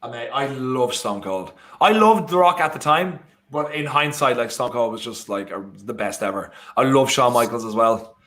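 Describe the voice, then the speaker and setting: An Irish man co-hosting a live football watchalong, joking and reacting excitedly to the match. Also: mid-range voice, moderate pace, hardly any pauses. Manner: excitable, jokey, bursts into shouting and laughter. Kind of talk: casual live match chat.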